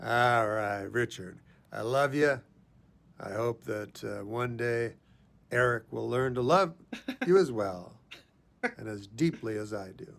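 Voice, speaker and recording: Man w a gravelly voice, rambling deadpan story, lots of pauses n "uh"s. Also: mid-range voice. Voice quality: halting, drawn-out delivery with many pauses and fillers. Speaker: comedian recording a personal video message.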